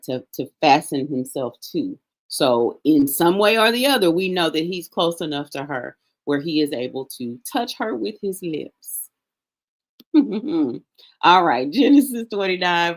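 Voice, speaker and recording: A woman teaching a relaxed Bible reading, explaining Hebrew words and names step by step, with frequent restarts and small asides. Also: sits low.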